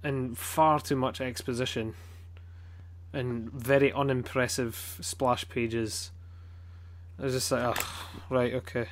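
Brief: Scottish man, casual podcast chat, blunt and sweary, rambles with fillers, mid-pitched. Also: fairly even intonation, takes it slowly, a little hiss or hum.

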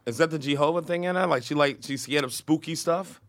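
A man's voice: fairly high pitch, fairly quick, fairly bright tone, no room sound, studio quality. A man co-hosting a comedy podcast, firing off teasing jabs in casual banter. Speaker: podcast co-host.

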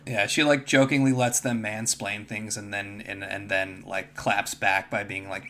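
A man's voice: on the low side, level tone, a little slow, few pauses, pushed and bright, a little hiss or hum. Wry male podcast co-host. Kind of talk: casual chat.

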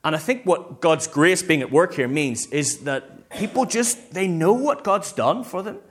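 A man, a pastor preaching a sermon in a lively, conversational way. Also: on the high side, unhurried.

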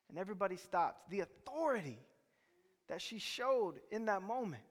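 High-voiced preacher in a reverberant hall. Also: male voice, big pitch swings, normal speed. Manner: conversational storytelling, quizzing the congregation. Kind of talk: sermon.

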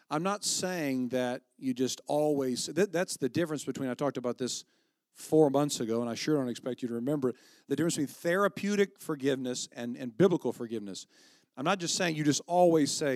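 A man's voice: fairly high pitch, expressive, fairly quick, darkish tone, no room sound, studio quality. A middle-aged man preaching a sermon on marriage in a conversational way, breaking off and restarting, and acting out quoted lines. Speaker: pastor.

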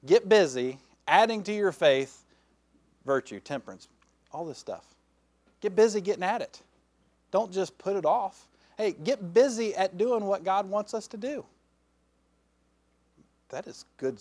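Man preaching, folksy and lively, fairly high voice, dry sound. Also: normal speed, pauses often, husky, no room sound. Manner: folksy and lively, with playful asides to the congregation. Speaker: pastor. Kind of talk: sermon. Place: church sanctuary.

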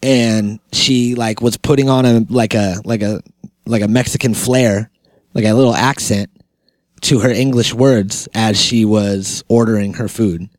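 A man co-hosting a podcast, chatting casually, joking and telling stories with quick laughs. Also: lowish voice, fairly even intonation, darkish tone, no room sound, clean studio sound. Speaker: podcast co-host. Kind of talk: casual chat.

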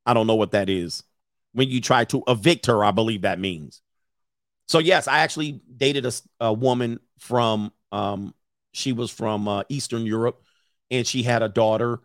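A man's voice: mid-range voice, normal speed, no echo, clean studio sound. A middle-aged man hosting a casual stream, reading viewer comments and giving blunt, rambling opinions.

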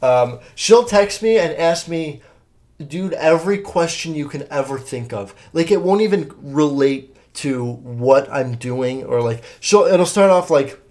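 A man's voice: fairly high pitch, lively intonation, unhurried, darkish tone. A young man hosting a solo podcast from a room at home, rambling casually, swearing freely and correcting himself as he goes. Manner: rambling, profane, self-correcting. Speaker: podcast host. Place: home room, partly soundproofed.

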